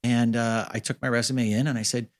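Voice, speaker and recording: A man in his fifties from Canada with a voice of ordinary, middle pitch, talking as an interview guest. He tells long stories in a relaxed, chatty way and slips into the voices of the people he quotes, and his pitch jumps up when he acts out their lines. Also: a little fast. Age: 50s. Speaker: interview guest, special effects supervisor. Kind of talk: casual interview storytelling.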